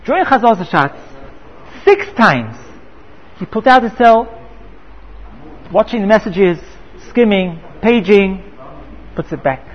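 A man's voice: high voice, very animated, unhurried, pauses often. A man giving a Torah lecture, telling a parable and asking rhetorical questions. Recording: echoey hall, dull lo-fi sound.

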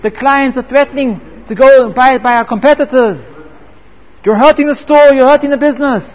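A man's voice: very high-pitched, moderate pace. A man playing a scolding angry wife. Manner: shouting, reproachful questions. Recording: echoey hall, dull lo-fi sound.

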